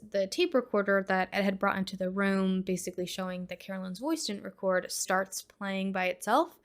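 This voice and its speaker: A woman talks through a horror film scene by scene in a relaxed, chatty podcast recap. Her pitch sits in an ordinary middle range, and her delivery is loose and conversational, full of little fillers. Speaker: podcast host. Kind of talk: casual movie recap.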